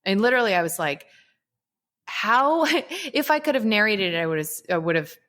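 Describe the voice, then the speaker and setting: A woman's voice: mid-range voice, very animated, quick pace, fairly bright tone. A woman talking as a guest in a casual, reflective interview, earnest and sprinkling in "you know" and "right?". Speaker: guest, holistic psychiatrist and author.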